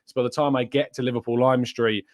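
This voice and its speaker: A man's voice: medium pitch, steady tone, fast, no echo, studio quality. A man from England hosting a live stream, chatting casually and answering viewer questions with plenty of fillers and restarts. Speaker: podcast host.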